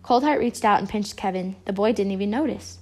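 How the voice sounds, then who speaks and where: A woman reading a children's storybook aloud, expressive narration. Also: medium pitch, fairly quick. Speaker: storybook reader.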